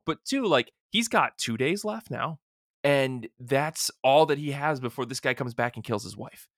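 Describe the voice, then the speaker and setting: A man's voice: mid-range voice, moderate pace, no echo, clean studio sound. A man co-hosting a podcast, talking casually and animatedly as he recaps a TV episode and acts out bits of dialogue. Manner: animated, retells scenes with quoted voices. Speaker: podcast co-host.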